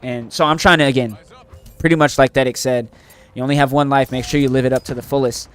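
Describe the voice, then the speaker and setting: A man's voice: medium pitch, steady tone, fast talker, smooth, faint music behind. A man streaming a game, chatting earnestly and emotionally to his viewers, rambling with many fillers and restarts. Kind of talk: casual chat to live chat while gaming.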